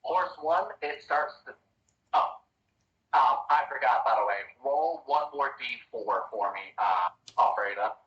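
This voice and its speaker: A man's voice: medium pitch, animated, a little slow, fairly bright tone, lo-fi sound. Echoey, distant man running a tabletop game. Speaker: dungeon master.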